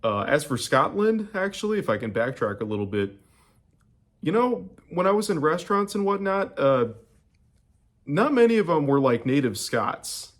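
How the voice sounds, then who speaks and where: A man's voice: fairly high pitch, sing-song, normal speed. A young man from the United States giving a casual, rambling travel recap to camera, full of fillers and restarts. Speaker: travel vlogger.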